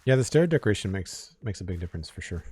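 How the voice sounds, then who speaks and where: Male streamer, lower voice, easygoing chat with viewers, dry booth sound. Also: fast, breathy edge, no echo. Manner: relaxed, chatty, reads out chat names and thanks followers. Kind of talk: casual live-stream chat.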